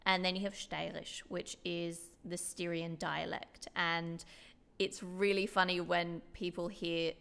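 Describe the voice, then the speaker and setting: A woman's voice: on the low side, little pitch movement, a little slow, gravelly, hardly any pauses, fairly bright tone, smooth. A woman from Austria with a Queensland Australian accent, co-hosting a podcast in chatty casual talk and laughing often. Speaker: podcast co-host.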